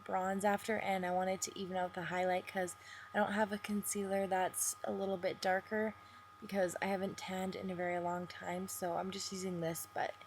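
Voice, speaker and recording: A young beauty vlogger in a makeup tutorial voice-over, walking through each step. She keeps a chatty manner but talks deliberately slowly. Her voice sits at an ordinary middle pitch. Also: flat delivery, a little hiss or hum.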